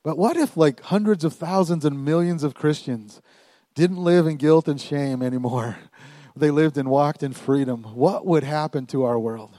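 A man preaching a lively sermon, calling out to his congregation and swinging from quiet asides to loud emphatic lines. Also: a little high, moderate pace, dry recording. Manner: animated, call-and-response with congregation. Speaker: pastor. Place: church.

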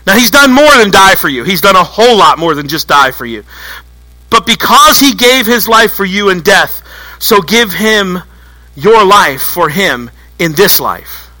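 Bright high-voiced preaching man. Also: a little slow, rough recording. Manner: animated storytelling, acts out voices. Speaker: pastor. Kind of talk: sermon. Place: church.

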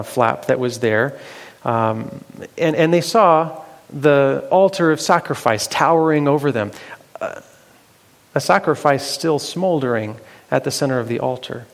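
Slow, gravelly male storyteller. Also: mid-range voice. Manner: unhurried and halting, with fillers and restarts. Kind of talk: telling a Bible story. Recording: long hall reverb.

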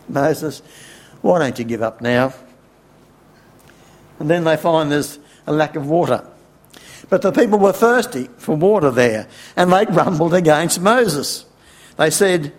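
Unhurried man preaching a sermon. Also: on the high side, animated. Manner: unhurried, with wry chuckles and rhetorical questions.

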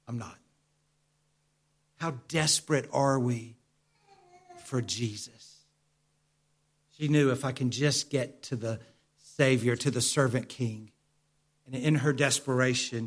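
Earnest preaching man, fairly high voice. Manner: earnest, repeats key lines for emphasis; asks the congregation questions. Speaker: pastor. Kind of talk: sermon.

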